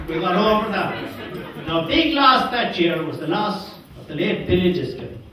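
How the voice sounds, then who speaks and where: An older Irish man giving an anecdotal speech as a former team manager, chuckling as he tells stories and acts out what people said. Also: high voice. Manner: chuckling storyteller, acts out quotes. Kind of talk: anecdotal after-dinner speech. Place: function hall. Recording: echoey hall, distant mic.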